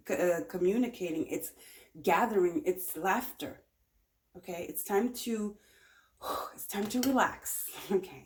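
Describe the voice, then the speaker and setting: A woman talks through a pick-a-card tarot reading in a relaxed, chatty way. She is encouraging and repeats short phrases over and over for emphasis. Her pitch sits in an ordinary middle range for a woman. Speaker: tarot reader.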